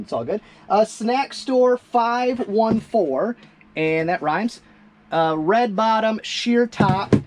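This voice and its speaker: A man who resells online, chatting casually in a rambling, self-amused way while he packs orders for shipping. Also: high voice. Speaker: eBay reseller. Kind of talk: casual vlog narration while packing orders.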